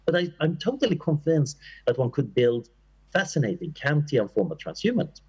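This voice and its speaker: A man's voice: fairly high pitch, very animated, moderate pace, a little mellow, breathy edge, highs cut off. A man answering an audience question at an academic conference, in a thoughtful, discursive way with fillers and restarts. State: coughing at times. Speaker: conference speaker.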